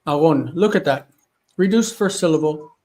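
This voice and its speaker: The recording is poor, but the man's voice comes through a little high and slightly mellow, with lively intonation at a normal speed. He teaches Hebrew in a live online class, reasoning aloud over texts and checking references mid-sentence. He's set up in a home studio with a single light.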